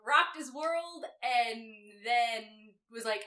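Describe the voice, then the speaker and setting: A woman recapping a novel in casual podcast chat, animated, swearing and laughing often. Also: high voice, moderate pace. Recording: roomy echo, distant mic.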